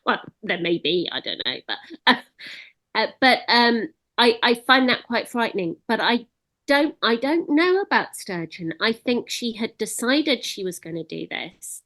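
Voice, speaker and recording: A woman campaigner talking as a guest in an interview, emphatic and animated, with occasional laughs. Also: a little high, measured pace. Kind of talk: casual interview chat.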